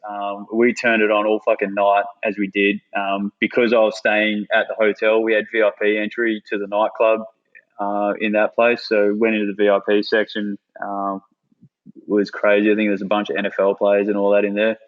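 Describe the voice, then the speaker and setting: Heard over phone-quality sound, a man with a lowish voice and an Australian accent talks at normal speed. He's a podcast guest casually telling stories, retelling them animatedly and swearing freely.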